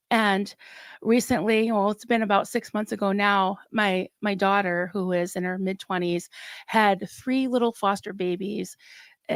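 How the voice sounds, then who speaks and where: A middle-aged woman hosting a casual livestream, chatting warmly and getting emotional, recorded close and dry. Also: medium pitch, dry recording. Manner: warm, emotional, chatty with laughs. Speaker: livestream host.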